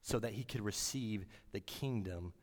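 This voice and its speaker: A man giving a sermon in an earnest, halting way, often restarting his words. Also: lowish voice, in a large hall. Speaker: preacher.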